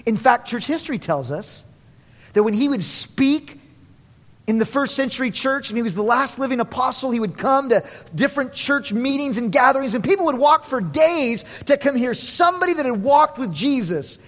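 A man preaching a sermon as pastor, animated, acting out quotes in voices and laughing often. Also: very high voice, normal speed. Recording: long reverb of a large hall.

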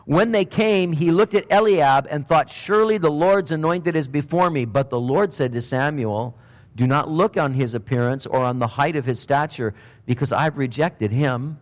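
A man preaching a sermon, telling Bible stories in a lively, conversational way and briefly voicing the people in them. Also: a little high, moderate pace, big-room sound. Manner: animated storytelling, acting out Bible figures in casual speech.

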